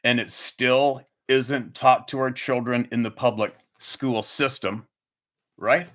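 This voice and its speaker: A man's voice: medium pitch, fairly even intonation, takes it slowly, a bit bright. A man hosting his own channel, delivering an angry, profane monologue full of restarts and rhetorical questions. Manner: heated, profane, repetitive ranting. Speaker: channel host.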